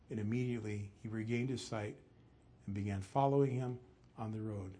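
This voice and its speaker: A man preaching an expository sermon, telling the story with animation and dropping low and soft for emphasis. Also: fairly even intonation, fairly quick, slight background noise. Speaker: pastor.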